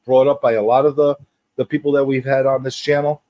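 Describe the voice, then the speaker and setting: A man hosting a casual pop culture livestream, teasing his guest and chatting in an animated way. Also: a little fast, dry recording, lo-fi sound. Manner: animated and teasing, jumps between high and low.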